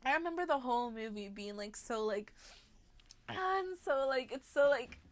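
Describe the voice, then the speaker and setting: Bubbly young streamer girl chatting w her chat, lots of giggles and restarts, kinda high voice. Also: animated, normal speed. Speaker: livestreamer. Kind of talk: casual chat with viewers.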